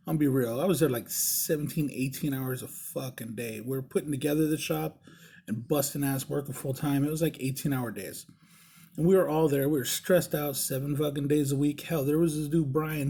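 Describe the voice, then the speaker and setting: Husky man swearing through a story. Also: mid-range voice. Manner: heavy swearing, laughs while telling; shouts in mock-angry voices for quoted people. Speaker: podcast host. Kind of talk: casual storytelling.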